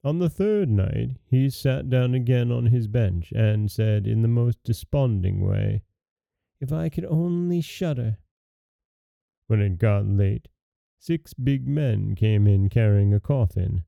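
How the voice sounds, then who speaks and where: A man hosting a podcast, calmly reading a fairy tale aloud in a measured way. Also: fairly low pitch, vocal fry, no echo, narrow, tinny audio. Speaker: podcast host and storyteller. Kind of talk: scripted storybook narration.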